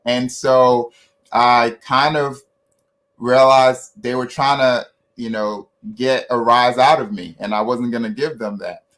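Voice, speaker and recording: A man's voice: medium pitch, steady tone, slow, fairly bright tone. A man with a Ghanaian accent telling stories in an online panel, often adding "right?" and laughing while he talks. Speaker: panel guest. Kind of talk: storytelling in an online panel talk. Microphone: video call.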